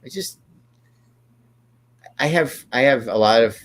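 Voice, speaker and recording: A man's voice: mid-range voice, expressive, measured pace, a bit bright. An older man, an interview guest, telling rambling show-business stories and checking in with "right?" as he goes. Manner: rambling, tags remarks with "right?". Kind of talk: anecdotal storytelling.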